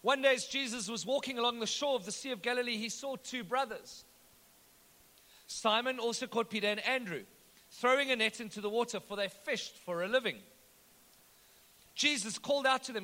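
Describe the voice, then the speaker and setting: A man's voice: extremely high pitch, fairly quick, pushed and bright. A man, preaching a sermon and retelling the text as a story with joking asides. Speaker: pastor. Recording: echoey hall.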